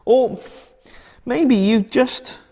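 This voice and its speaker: A man presenting a children's church club, telling a Bible story gently and expressively. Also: very high-pitched, drawn-out words, big-room sound.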